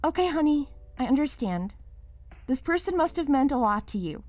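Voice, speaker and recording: Woman voicing a bitter wife calling out her husband, high swoopy voice, quiet music behind. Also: very animated, normal speed. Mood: soothing. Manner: pleading, then accusing and sharp. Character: wife Mia, wounded then furious. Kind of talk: scripted drama voice acting.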